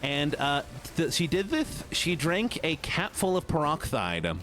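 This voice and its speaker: A man talks loosely to his live chat, his pitch bouncing up and down as he rambles. He laughs often between thoughts. Soft game music plays faintly underneath. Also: wildly swooping pitch, a little slow. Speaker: streamer. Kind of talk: casual livestream chat.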